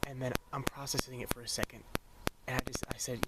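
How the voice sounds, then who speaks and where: A young man talks in an easy, rambling vlog style at a middling pitch, leaning on filler words as he goes. Clear traffic and outdoor noise run underneath the whole time. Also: a little fast. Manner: laid-back, rambling, full of "like" fillers. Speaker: vanlife vlogger. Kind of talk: casual vlog storytelling. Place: around his van and campsite. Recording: steady road and outdoor noise behind.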